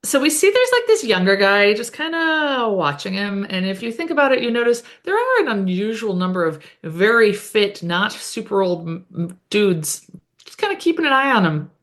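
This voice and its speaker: A woman's voice: medium pitch, sing-song, moderate pace, a bit bright. A woman co-hosting a podcast, recapping an episode in casual chat with lots of "like" and "um". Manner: chatty, many "like" and "um" fillers.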